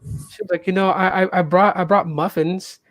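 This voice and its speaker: A man with an animated way of telling a story, who acts out the people he quotes. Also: moderate pace, dry recording. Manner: animated, acts out quotes with jumps in pitch and loudness. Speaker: podcast host. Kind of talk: casual storytelling.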